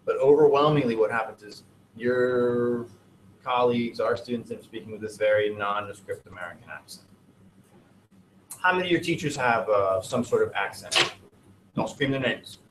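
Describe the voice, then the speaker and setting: A man's voice: medium pitch, moderate pace, reverberant, slight background noise, low-quality recording. A man teaching a class in a casual, digressive, joking way. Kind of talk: classroom lesson.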